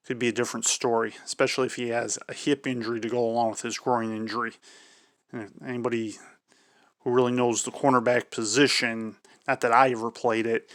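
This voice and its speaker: A man hosting his own sports channel, going through team injury reports in a measured tone and often hedging with "I believe". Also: mid-range voice, fairly bright tone, dry recording, studio quality. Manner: measured, repeats "I believe" and "for sure". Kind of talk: football injury preview commentary.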